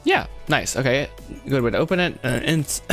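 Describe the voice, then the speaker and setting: A man's voice: medium pitch, expressive, moderate pace, fairly bright tone. Brief: man, mid-range voice, loose livestream chatter, self-interrupting with frequent chuckles, faint music underneath. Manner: rambling, self-interrupting, laughs often. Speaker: animation filmmaker livestreaming his script writing. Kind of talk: casual livestream chat.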